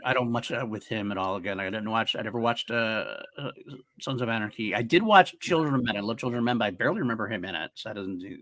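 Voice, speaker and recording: A man's voice: fairly low pitch, fast talker, a bit bright. A man co-hosting a podcast, chatting in a laid-back, hedging way. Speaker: podcast co-host. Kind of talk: casual chat.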